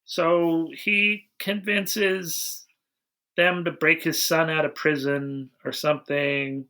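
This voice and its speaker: Bright-voiced man recapping with playful quotes. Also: a little high, flat delivery, slow. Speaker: podcast co-host. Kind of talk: casual chat.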